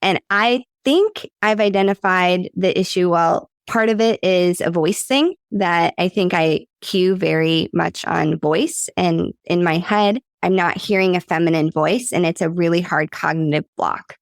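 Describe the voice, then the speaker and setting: Low gravelly woman, candid podcast host. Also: unhurried, hardly any pauses, no room sound, studio quality. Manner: candid, reflective, openly vulnerable. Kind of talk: conversational interview.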